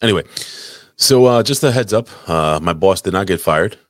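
A man's voice: low voice, animated, moderate pace, no echo, clean studio sound. A man hosting a live podcast, telling a long rambling story in casual, crude chat with lots of swearing. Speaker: podcast host. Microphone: desk mic, live stream.

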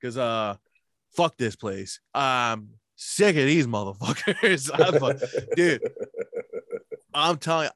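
In clean studio sound with no reverb, a man of medium pitch and a touch of brightness spins lengthy, foul-mouthed tales from his workday in casual conversation. He laughs as he goes, performing what everyone said on both sides of each remembered exchange.

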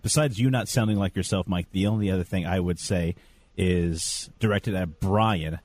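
Male podcast co-host, lower pitch, playful and teasing, quick to laugh. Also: darkish tone, no echo. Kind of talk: casual podcast chat.

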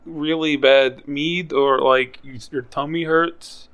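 Player, male, high pitch, jokey in-character banter, quick to laugh. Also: fairly even intonation, a bit bright, clear, resonant tone. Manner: goofy, joking, playful. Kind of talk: playing a character in a tabletop game.

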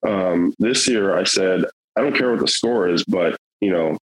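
A man's voice: low voice, moderate pace, breathy edge, rough recording. A middle-aged man telling a hunting story in casual, rambling, earnest talk, with many fillers and restarts.

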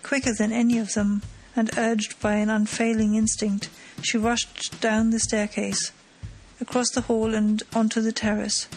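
A woman narrating an audiobook in a steady, measured way. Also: on the high side, slight background noise, poor audio.

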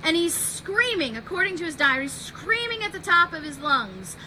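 A woman podcast host telling a history story in an animated way, acting out the quotes. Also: very high voice, normal speed, few pauses, heavy background noise.

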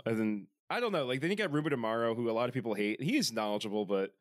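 A young man hosts a casual sports chat. His voice sits mid-pitched, and his talk rambles with profanity and plenty of fillers. It is recorded close and dry, with no room sound. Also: expressive, quick pace, few pauses, dry recording. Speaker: podcast host.

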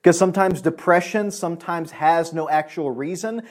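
A man's voice: a little high, normal speed. A young adult man, a pastor, preaching an earnest, emphatic sermon with frequent fillers and restarts.

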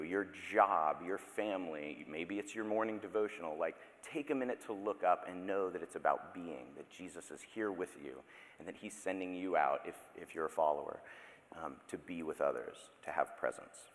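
A man's voice: sits low, normal speed, a bit bright. A man in his thirties preaching a sermon in a church, speaking conversationally with playful asides and self-interruptions. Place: church sanctuary. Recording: long reverb of a large hall.

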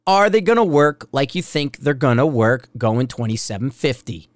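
A man's voice: medium pitch, very animated, normal speed, dry recording. A man hosting a podcast as a shooting instructor, talking in a blunt, rambling, profane way. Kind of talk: casual rambling podcast monologue.

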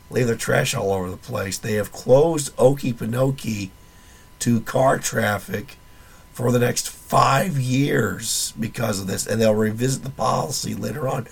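A man's voice: medium pitch, unhurried, creaky, husky. A man hosting a casual solo podcast, rambling and wry with a little profanity, his voice worn and nearly gone. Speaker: podcast host.

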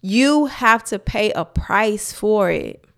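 A woman's voice: medium pitch, animated, slow pace, creaky. A woman hosting a faith-based podcast, talking earnestly and emphatically straight to her listeners. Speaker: podcast host.

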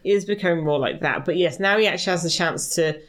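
A woman talks through a novel in a relaxed chat with a co-host, her voice sitting a little low. She thinks out loud, restarts her sentences and slips into quick voices for the characters. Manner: quick, thinks aloud with restarts, acts out quotes. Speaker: podcast co-host. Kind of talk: casual book discussion.

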